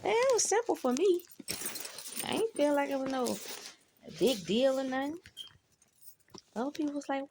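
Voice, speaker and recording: A woman's voice: high-pitched, lively intonation, normal speed, long pauses, dark tone, a little hiss or hum. A woman telling personal stories in a laid-back, rambling way, swearing freely and adding asides. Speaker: vlogger. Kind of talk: casual storytelling.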